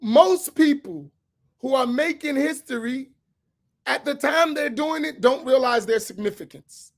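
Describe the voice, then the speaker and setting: A man's voice: very high voice, gravelly. A man speaking as an imam, giving an emphatic lecture-style sermon and repeating his key points. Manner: asks for slides to be put up.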